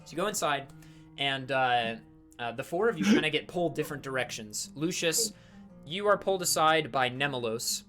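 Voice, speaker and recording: A man's voice: mid-range voice, animated, moderate pace, fairly bright tone, soft background music. A man narrating a tabletop game as dungeon master, rambling with many fillers and self-corrections.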